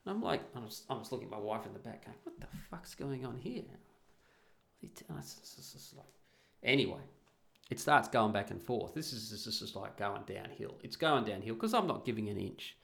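A man's voice: lowish voice, expressive, a little fast, gravelly, fairly bright tone. A middle-aged man telling a casual anecdote in a blunt, profane, emphatic way. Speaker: storyteller.

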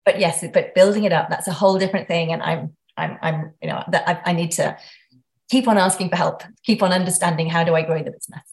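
Chatty woman, slightly low voice. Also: fast, darkish tone. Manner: chatty, self-deprecating, frequent restarts. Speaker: guest. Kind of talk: casual interview.

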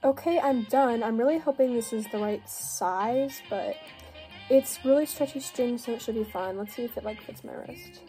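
A woman's voice: on the high side, normal speed, warm tone, soft background music. A woman chatting casually to her viewers while making bracelets, rambling with lots of fillers and self-deprecating asides. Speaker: vlogger. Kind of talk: casual vlog chat while crafting.

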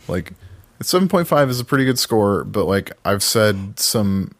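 This podcast host has a fairly low voice with big swings in pitch, a measured pace, and a dry recording. He chats loosely and casually, rambling through many restarts and swearing freely.

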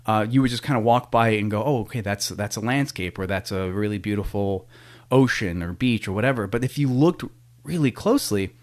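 A man with a slightly low-pitched voice tells a casual story to the camera. He rambles, restarts his sentences often and swears offhandedly. He sounds like a foster parent sharing his day. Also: expressive, a little fast.

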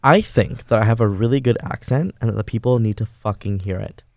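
A man's voice: lowish voice, fairly quick, a little mellow, no echo, clean studio sound. A man co-hosting a casual podcast, joking crudely. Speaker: podcast co-host.

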